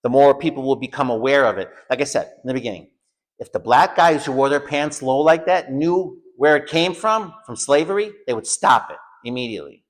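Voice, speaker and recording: American male teacher, mid-range voice, animated storyteller who performs the quotes. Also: medium pitch, a little fast. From United States. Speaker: home school teacher. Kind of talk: lecture with personal story.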